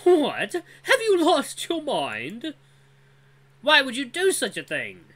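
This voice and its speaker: A storyteller voicing Dran, an angry, pompous male wolf elder who shouts insults. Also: high-pitched, wildly swooping pitch, takes it slowly, pitched above the performer's own voice, heavily acted. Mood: outraged. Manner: shouting, indignant.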